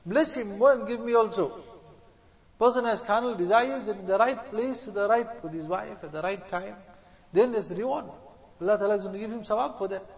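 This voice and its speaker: A man's voice: sits high, fairly quick, gravelly. A man preaching a sermon, exhorting his listeners and repeating phrases for emphasis. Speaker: Islamic preacher. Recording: dull echoey hall recording.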